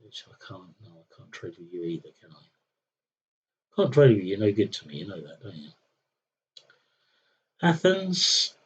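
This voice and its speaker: A man's voice: low-pitched, wildly swooping pitch, a little slow, long pauses, husky, muffled recording. A young man streaming a strategy game, thinking aloud with wry, muttered commentary. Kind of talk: casual live gameplay commentary.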